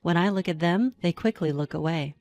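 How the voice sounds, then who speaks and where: Calm woman narrating a story. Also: lowish voice, brisk. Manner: calm, even storytelling with dry asides. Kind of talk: first-person story narration.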